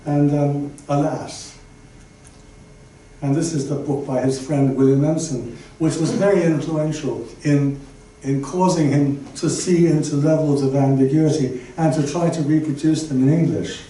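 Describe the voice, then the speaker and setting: A man's voice: a little high, steady tone, unhurried, warm tone. Older man lecturing in a very echoey room. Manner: chatty, digressive, with asides and fillers. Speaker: guest lecturer. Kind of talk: public exhibition talk. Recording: very echoey room, voice from far off, faint background noise.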